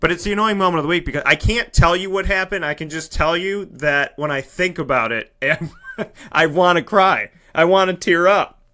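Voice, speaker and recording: A man hosting a radio show, talking in an animated, emphatic monologue and acting out the voices he quotes. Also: a little high, moderate pace. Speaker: radio host and broadcaster. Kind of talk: energetic monologue.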